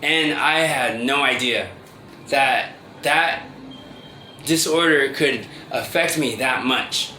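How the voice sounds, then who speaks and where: A man telling a personal story in a casual, halting way, full of restarts and fillers and often breaking into laughter. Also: medium pitch, sharp tone. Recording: echoey room with faint ambient noise.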